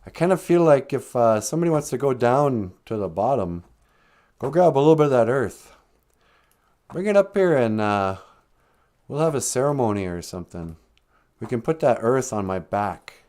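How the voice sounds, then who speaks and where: A man's voice: mid-range voice, lively intonation, moderate pace, darkish tone, lightly acted. A man voicing a wise elder male turtle, easygoing and folksy. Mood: hopeful.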